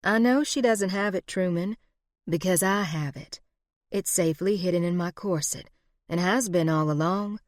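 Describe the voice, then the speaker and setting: A woman voicing a scheming, flirtatious frontier woman outlaw with a slow, purring, teasing drawl. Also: lowish voice, no room sound, clean studio sound, natural voice. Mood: sly.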